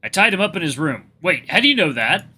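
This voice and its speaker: Flustered young guy, a man reading him, stammering, bright and a bit high. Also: very animated, quick pace, husky, full character voice.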